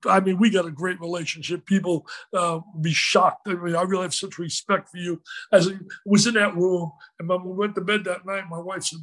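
An older man speaks in an effusive, emphatic way, piling on praise in casual conversation. His voice sits high and bright. There is a husky, raspy grain to it. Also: steady tone, a little fast, low-quality recording. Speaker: guest, former co-broadcaster. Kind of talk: casual chat.

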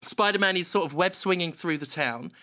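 A young man rambling through a deadpan comedic story in casual chat. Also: sits high, brisk.

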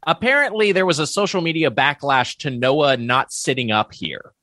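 A man's voice: fairly high pitch, lively intonation, moderate pace, sharp tone, no room sound, studio quality. A man co-host in a casual chat, musing and asking questions. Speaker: podcast co-host.

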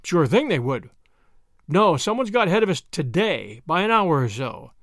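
Man reading a brash young american guy, slangy, high and lively voice, dry sound. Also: no echo. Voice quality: quick and slangy.

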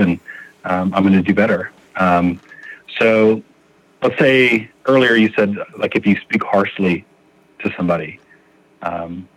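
Deep-voiced man in earnest recovery talk. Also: dry recording, dull audio. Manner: earnest, thinks aloud with many restarts. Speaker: podcast guest sharing recovery. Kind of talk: reflective recovery podcast talk.

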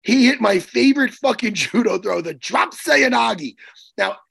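A man co-hosting a chat show, telling a story in an excitable, profane way with lots of restarts. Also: high voice, measured pace, creaky, husky. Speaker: podcast co-host and martial arts coach. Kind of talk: casual chat, animated storytelling.

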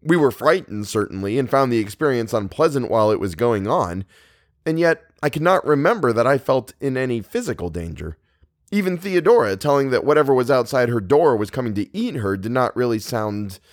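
A man voicing a cheerful, easygoing young man in a storybook reading, with a bright manner. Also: medium pitch, sing-song, brisk, dry recording, clean studio sound, close to an everyday voice. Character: jaunty, joking young man.

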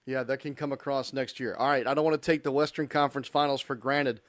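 A man's voice: mid-range voice, steady tone, fast talker, dry recording. A male sports radio host interviewing a guest in a conversational way.

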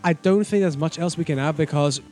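Sarcastic, fairly high-voiced man. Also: brisk, a little mellow, soft background music. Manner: sarcastic, blunt, swears freely. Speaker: podcast co-host. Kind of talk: casual chat.

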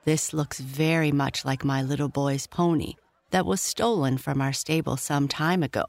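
A narrator reading a calm, explaining father. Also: mid-range voice, moderate pace, vocal fry, dry recording, close to an everyday voice. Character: calm male father, pony's buyer.

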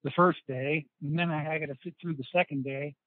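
A man's voice: fairly high pitch, fairly even intonation, fairly quick, no room sound. A man, a guest in an interview, telling long rambling anecdotes with many restarts and quoted dialogue. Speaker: interview guest, former football player. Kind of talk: casual storytelling interview. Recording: dry tinny phone-like sound.

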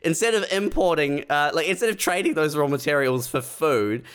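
A man's voice: fairly high pitch, moderate pace, a bit bright, clear, resonant tone. An Australian man in casual comedic chat on a podcast, ranting with frequent laughs and swearing.

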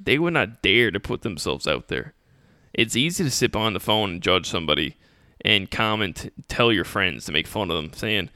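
A man's voice: fairly low pitch, lively intonation, normal speed, bright, forceful tone, no echo, studio quality. A young man hosting a solo podcast, answering listener questions in a casual, motivational way. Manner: casual, motivational, acts out mocking critics in quotes. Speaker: podcast host.

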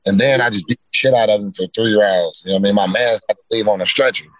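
Man, low husky voice, dry close sound, loose relaxed guest talk. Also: fast, no room sound, low-quality recording. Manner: laid-back, repeats "you know what I mean". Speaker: guest fighter. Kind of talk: casual interview chat.

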